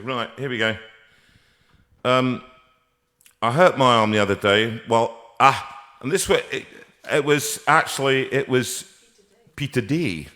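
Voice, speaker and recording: A man's voice: mid-range voice, a bit bright. A man hosting a live stream from a piano room, chatting and telling jokes in a rambling, self-mocking way. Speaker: singer and host of a live stream. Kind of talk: casual chat between songs. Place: music room with a grand piano.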